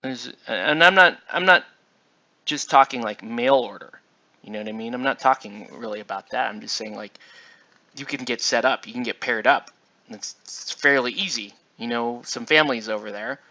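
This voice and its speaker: A tired man talks casually while he paints, drifting from point to point and restarting his sentences. His voice is bright and forceful. The recording is dull and lo-fi. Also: medium pitch, moderate pace. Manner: rambling, many fillers and restarts. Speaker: miniature painting channel host.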